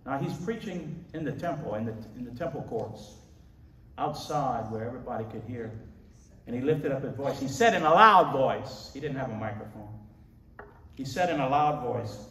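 A male pastor preaching an animated sermon, his voice booming when he quotes scripture. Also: normal speed. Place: large church hall. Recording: echoey hall, voice from far off.

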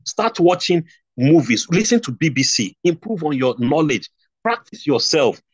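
In an online nursing exam review lecture, a Nigerian-accented man repeats key points and asks rhetorical questions. His husky voice sits on the high side with big pitch swings at normal speed, recorded without echo on dull lo-fi stream audio.

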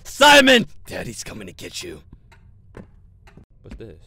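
A man commentating a horror game, swinging between mumbled slangy banter and loud frightened shouts. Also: on the low side, lively intonation, moderate pace. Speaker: gamer playing a horror game. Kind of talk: let's play commentary.

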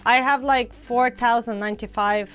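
A woman with a scratchy throat, hosting a casual let's-play chat with excitable squeals. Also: fairly high pitch, normal speed, clean tone, faint music behind. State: scratchy throat, coming down with a cold. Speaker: gaming channel host.

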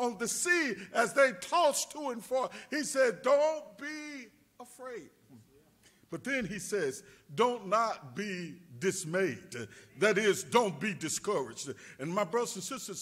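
High, lively husky male preacher. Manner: rising to shouted emphasis, rhythmic preaching cadence. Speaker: pastor. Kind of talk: sermon.

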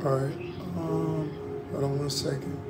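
Male pastor, high and fervent, livestream preaching, roomy sound, music behind. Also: level tone, unhurried. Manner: fervent, repetitive, frequent amens and hallelujahs. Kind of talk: livestreamed preaching and offering appeal.

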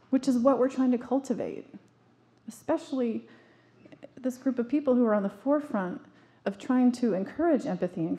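A woman in her forties speaks to a live audience in a warm, mellow voice. She is earnest and emphatic, often restarting her sentences as she tells stories from her own life. Her pitch sits in an ordinary middle range. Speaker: parenting speaker. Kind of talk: public talk to an audience.

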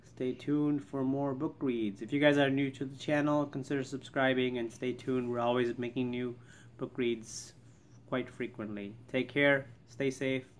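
Man giving a relaxed channel sign-off. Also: mid-range voice, measured pace, slight background noise. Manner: relaxed, friendly outro. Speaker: channel host. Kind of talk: casual sign-off.

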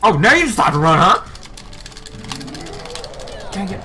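Excitable young-sounding man gaming. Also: sits high, a little slow. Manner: excitable, yelps and shouts at the game; mild swearing substitutes. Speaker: gamer. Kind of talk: let's play commentary. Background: faint music.

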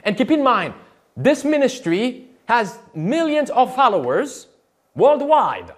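Pastor-commentator, male, high and animated voice, emphatic, keeps asking the listener questions. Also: takes it slowly. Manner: emphatic, repeats quotes, asks rhetorical questions. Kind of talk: sermon-style video commentary.

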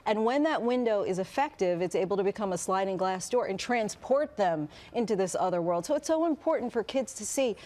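A woman's voice: medium pitch, expressive, fairly quick, hardly any pauses. Earnest woman in a TV interview. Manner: earnest, gentle and reflective. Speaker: author and news correspondent. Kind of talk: morning TV interview. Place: TV studio with live audience.

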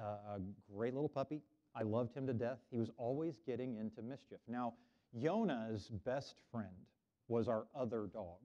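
A man's voice: medium pitch, warm tone. A middle-aged man, a minister giving a friendly children's sermon in a church and having the kids repeat words after him. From Oklahoma. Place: church sanctuary. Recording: dull lo-fi church recording.

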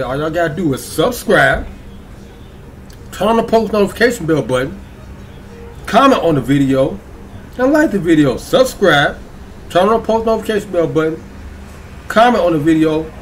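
A man's voice: a little high, a little hiss or hum. A man hosting a reaction video, talking casually and often checking in with viewers. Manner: chatty, keeps checking in with viewers. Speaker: YouTube reaction host.

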